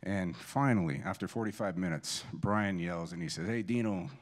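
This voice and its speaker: A man's voice: deep voice, normal speed. A man in his forties giving a eulogy in a church, telling self-deprecating, funny stories about a friend's son. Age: 40s. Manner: self-deprecating humorous anecdotes, many restarts. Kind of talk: storytelling eulogy at a memorial service.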